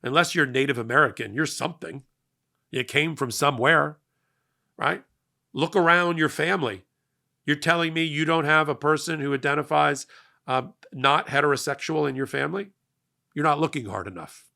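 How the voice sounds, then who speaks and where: Middle-aged male host, gravelly and bright-toned, emphatic and energetic political commentary. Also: on the high side, normal speed. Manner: emphatic, energetic, rising to loud peaks. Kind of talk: passionate political monologue.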